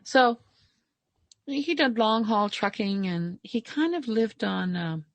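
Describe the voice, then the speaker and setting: Lively storytelling woman doctor, dry sound. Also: medium pitch, takes it slowly, dry recording. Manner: lively storyteller who acts out the people she quotes. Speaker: naturopathic doctor, guest. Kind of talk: casual podcast conversation.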